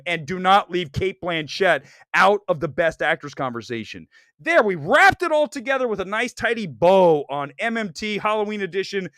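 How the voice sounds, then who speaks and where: A man from Ohio hosting a live movie talk stream, loud, outspoken and jokey, breaking into mocking voices now and then. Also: sits high, no room sound, studio quality. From Ohio, United States. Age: adult. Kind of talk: casual live-stream rant.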